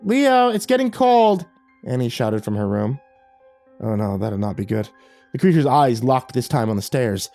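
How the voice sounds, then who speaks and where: A man narrating a first-person horror story in a measured, tense way. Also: fairly low pitch, warm tone, soft background music.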